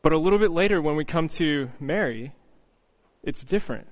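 A man preaching an earnest, reflective sermon, often pausing on "you know" and restarting phrases. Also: a little high, expressive, phone-quality sound.

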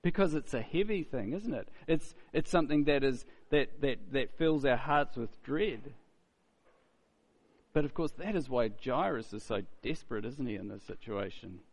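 A man's voice: mid-range voice, expressive, normal speed. A man preaching a sermon in a conversational way, often asking "isn't it?" and repeating words as he goes.

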